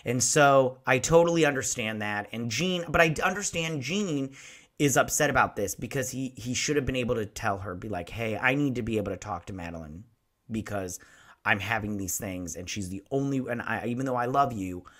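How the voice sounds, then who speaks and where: Man, 40s, host, casual review, rambling, swears, bright tone. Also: mid-range voice, a little fast. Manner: excitable, rambling, swears freely. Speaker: show host.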